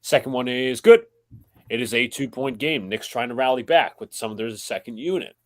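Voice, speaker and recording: A young man with a New York accent doing quick, matter-of-fact play-by-play on a live stream. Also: medium pitch, no room sound. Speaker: play-by-play commentator.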